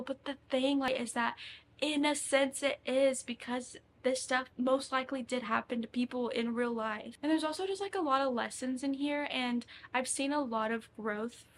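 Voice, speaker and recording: A young woman with a slightly raised voice chats casually for her reading vlog. She gushes and gets emotional as she talks about books. A faint hum of the room sits behind her. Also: high voice. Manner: emotional, gushing and chatty. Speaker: book vlogger.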